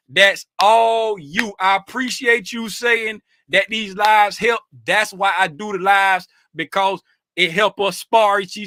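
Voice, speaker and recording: Male livestream host from Florida, high bright voice, animated and casual. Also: no echo, studio quality. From Fort Lauderdale, Florida. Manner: animated, greets chat by name, bursts of laughter and shouting. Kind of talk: casual livestream chat with viewers.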